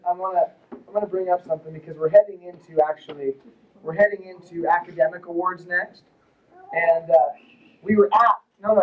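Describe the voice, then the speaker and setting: A man, a high school wrestling coach, giving a casual, rambling, joking awards speech at a banquet in a lodge hall. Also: phone-quality sound.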